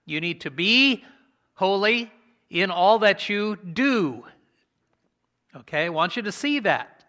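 A man preaching a sermon in a conversational way, asking his congregation questions and slowing down to stress key words. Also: high-pitched, lively intonation, bright, forceful tone. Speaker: pastor.

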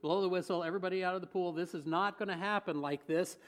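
A man's voice: high voice, steady tone, fast talker, lightly acted. A man voicing a humble adult male prophet who protests in casual modern slang. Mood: protesting.

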